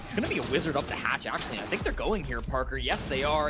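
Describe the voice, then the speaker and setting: Brief: male color commentator, slightly higher voice, talky analytical breakdowns. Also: very animated, fast talker, over music.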